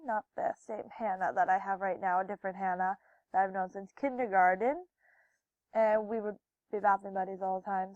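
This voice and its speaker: A young woman vlogger telling a personal story from her school days. She acts out the quoted people with loud, high bursts and turns soft and quiet when she gets wistful. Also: no echo, muffled recording.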